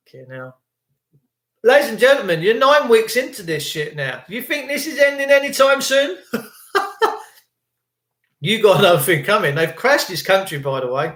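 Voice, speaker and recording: A man's voice: sits high, very animated, moderate pace, pauses often, a bit bright, reverberant. A man delivering an indignant, sarcastic ranting monologue. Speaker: vlogger.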